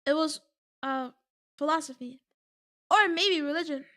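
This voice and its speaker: A woman's voice: sits high, a little slow, a bit bright. A young woman streaming a game, joking dramatically and reading its text aloud in a casual chat.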